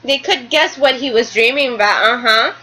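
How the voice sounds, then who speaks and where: A woman's voice: fairly high pitch, normal speed, bright, forceful tone, husky, rough recording. A woman teacher reading a picture book aloud to a class, stopping to explain words and pictures.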